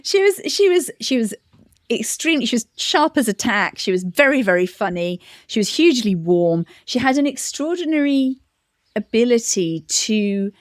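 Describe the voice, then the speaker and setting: A woman's voice: on the high side, very animated, moderate pace, no room sound. Brit woman being interviewed, thoughtful, starts over a lot, dead dry mic. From United Kingdom. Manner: reflective, many restarts and soft laughs. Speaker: interview guest, campaign director. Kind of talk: conversational interview.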